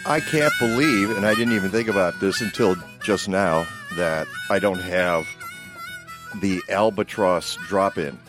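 A man's voice: low-pitched, unhurried, over music. A man co-hosting a radio talk show, chatting casually and rambling with many fillers and jokes. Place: radio studio.

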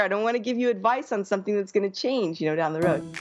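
A woman hosting a casual podcast chat, her voice husky because she is sick, talking quickly and laughing often. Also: mid-range voice, animated, a little mellow, lo-fi sound. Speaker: podcast host.

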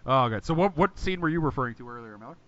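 A man co-hosting a podcast, talking fast and rambling, often swearing and laughing. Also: mid-range voice, expressive, fairly bright tone, no room sound, lo-fi sound. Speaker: podcast co-host. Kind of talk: casual chat.

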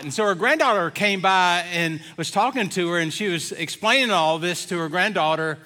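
A middle-aged man preaching from the pulpit of a church, with a high, bright voice. He tells homey stories and jokes in an easy, rambling way, full of "uh"s, and speaks into a stage mic. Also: expressive, moderate pace. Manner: folksy storytelling with many fillers. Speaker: pastor. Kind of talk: sermon. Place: church sanctuary.

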